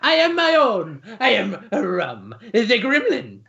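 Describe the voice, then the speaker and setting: A man's voice: sits high, wildly swooping pitch, takes it slowly, bright, forceful tone, muffled recording, heavily acted. A man voicing a small, cheeky, flirtatious male gremlin in a tabletop game, with a playful, teasing tone.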